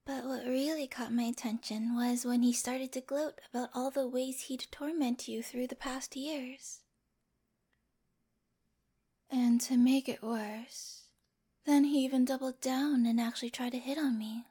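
A woman voicing a sweet but obsessive young girlfriend with a dark streak in a whispered role-play, speaking straight to the listener with giggles and coaxing whispers. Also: sits high, fairly even intonation, moderate pace, slightly rough. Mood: creepy adoring. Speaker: voice actor in listener-addressed audio drama.

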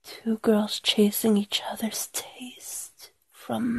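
A woman in a whispered role-play, speaking in a breathy, pleading whisper broken by soft sighs. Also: fairly high pitch, very slow, pauses often, no echo. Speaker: erotic audio performer.

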